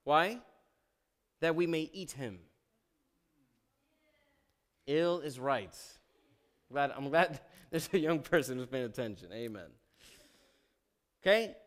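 A male pastor preaching a sermon, animated, asking the congregation questions and acting out the scripture. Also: a little high, slow pace, long pauses. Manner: animated, asks the congregation questions, dramatizes quotes.

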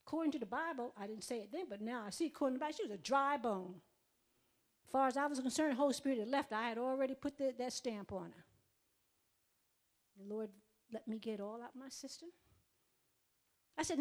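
A middle-aged woman giving an emotional testimony in a sermon, swinging from loud outbursts to hushed whispers and speaking directly to her listeners. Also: high-pitched, animated, fairly quick. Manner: repeats herself, addresses the audience directly.

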